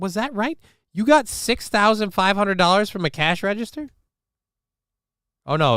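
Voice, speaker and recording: A man's voice: sits high, pushed and bright, clean tone, no echo, studio quality. Sarcastic rambling male stream host. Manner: sarcastic, rambling asides, mock-indignant questions. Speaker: live-stream show host. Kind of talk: casual live-stream commentary.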